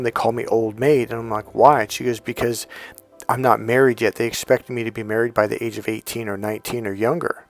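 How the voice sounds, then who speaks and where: Rambling middle-aged man, dating coach. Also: medium pitch. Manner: rambling, retells dialogue in quotes. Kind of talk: casual monologue.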